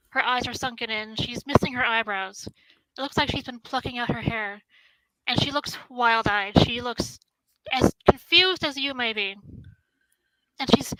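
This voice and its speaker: High-voiced woman narrating a tabletop game. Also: sharp tone, no room sound, rough recording. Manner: casual, halting descriptive narration. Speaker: player. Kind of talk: describing a scene in a tabletop game.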